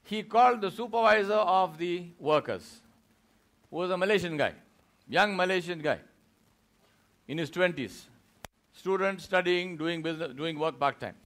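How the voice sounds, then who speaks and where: High-pitched and speaking at normal speed with many pauses, a man from India delivers a Friday sermon at a mosque. He narrates a story with energy, taking on the voices of its people.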